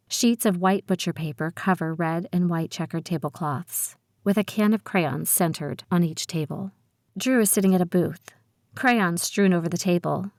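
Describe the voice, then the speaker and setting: A woman reading a first-person audiobook with a steady, measured delivery. Her voice sits on the low side, and the sound is dry and close, with no room in it. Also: no room sound. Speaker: audiobook narrator.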